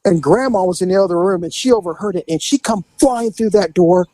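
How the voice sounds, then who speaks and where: A man's voice: normal speed, no room sound, low-quality recording. A man co-hosting a podcast, telling a family story in casual chat and acting out the people in it. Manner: animated storyteller, acts out quotes in high voices. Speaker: podcast co-host.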